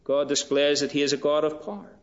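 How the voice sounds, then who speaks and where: A man preaching a sermon in a slow, measured way, rising in pitch and force for emphasis. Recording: dull lo-fi recording.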